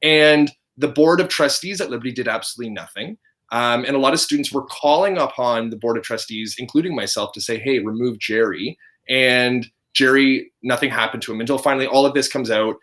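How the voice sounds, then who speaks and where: A man's voice: mid-range voice, a little fast. A man in his thirties hosts a podcast and tells a long story in a loose, chatty way. He breaks off mid-sentence, restarts, and laughs as he goes. His voice rises and falls with the telling. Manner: animated storyteller, laughs often, self-interrupting. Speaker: podcast host. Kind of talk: casual storytelling chat.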